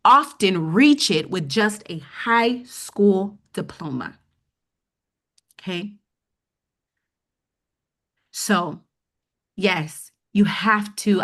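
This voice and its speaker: A woman's voice: mid-range voice, a bit bright. A woman hosting a live webinar on personal finance, talking conversationally and often checking in with her audience.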